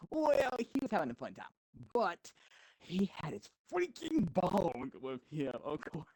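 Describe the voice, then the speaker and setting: A man's voice: on the high side, wildly swooping pitch, normal speed, darkish tone, slight background noise, low-quality recording. A man as a podcast guest telling a rambling, casual story, with restarts and chuckles.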